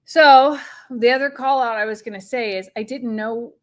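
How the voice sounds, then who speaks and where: A woman's voice: fairly high pitch, steady tone, normal speed. A woman co-hosting a casual chat and telling stories expressively. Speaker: co-host.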